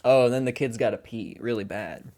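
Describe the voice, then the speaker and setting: A man's voice: mid-range voice, fairly quick, darkish tone. A man co-hosting a film podcast in casual chat, laughing a lot, swearing freely and acting out scenes. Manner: laughing often, swearing, acting out movie lines. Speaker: podcast co-host.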